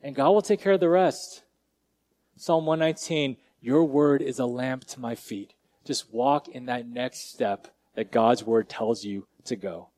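A male pastor preaching a conversational sermon, casual and direct, who often drops to a quiet, slow emphasis. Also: medium pitch.

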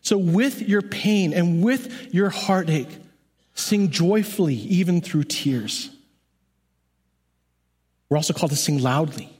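Male music leader preaching; earnest, emphatic, conversational delivery, slightly high voice, reverberant hall. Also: lively intonation, slow pace, long pauses, a little mellow, husky. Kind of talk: sermon.

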